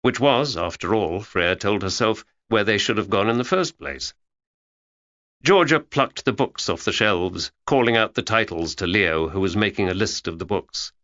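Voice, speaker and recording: A man reads an audiobook with expressive storytelling, his pitch moving a lot. His voice is bright and forceful, heard through a dull, lo-fi recording. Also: normal speed, no echo. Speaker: audiobook narrator. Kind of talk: scripted narration.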